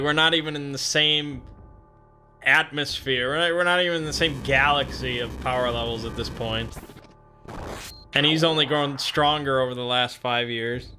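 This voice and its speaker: A man's voice: mid-range voice, moderate pace, bright, forceful tone, soft background music. A man hosting a let's play, giving casual game commentary in a musing, offhand way.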